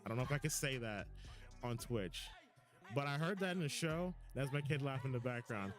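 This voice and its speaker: A man's voice: mid-range voice, expressive, brisk. Amused man chatting on stream. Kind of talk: casual stream chat.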